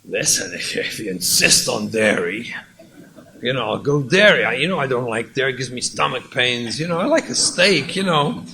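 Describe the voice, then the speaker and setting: A man's voice: mid-range voice, big pitch swings, bright, forceful tone, slight background noise, low-quality recording. Man playing a grudging, defensive husband. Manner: grudging, defensive, quick to bristle. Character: grudging husband who wants steak.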